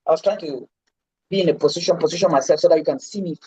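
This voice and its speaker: A woman's voice: sits low, rapid-fire, mellow, slightly rough, no echo, highs cut off. A woman coaching public speaking in a live online lesson, stressing and repeating her key words. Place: indoors, seated.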